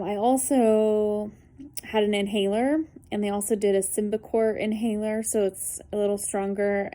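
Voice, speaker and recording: Mellow-voiced woman telling her own story. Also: medium pitch, creaky. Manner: conversational, many fillers, earnest. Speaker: vlogger sharing a personal story. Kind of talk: casual spoken testimony to camera.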